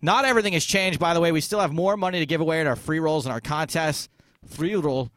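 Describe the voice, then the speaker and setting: A man's voice: a little high, a bit bright, dry recording. A male radio host bantering in a casual, upbeat, joking way. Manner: upbeat, joking, quick-talking.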